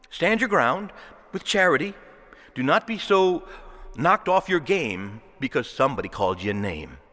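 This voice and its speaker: A man preaching a sermon in a church, lively and dramatic, acting out the voices he quotes and swinging from loud to hushed. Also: mid-range voice, long reverb tail.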